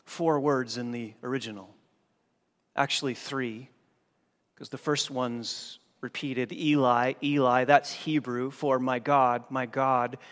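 A male pastor preaching a sermon, dropping to a hush and then rising to loud, forceful emphasis. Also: medium pitch, fairly even intonation, slow pace. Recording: long hall reverb.

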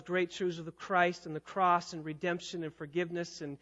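A high-pitched man preaching with rising force, driving phrases home through repetition and swelling to loud peaks. The recording sounds dull and lo-fi. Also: little pitch movement, moderate pace. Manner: emphatic preaching, repeats phrases, rises to loud climaxes. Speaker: pastor. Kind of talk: sermon.

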